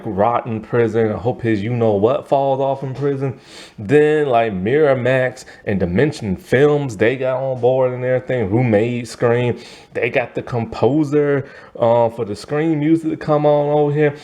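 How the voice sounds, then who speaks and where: A man's voice: mid-range voice, a little mellow. A man giving a casual, rambling movie review, full of fillers like "like" and "you know" and breaking into laughs.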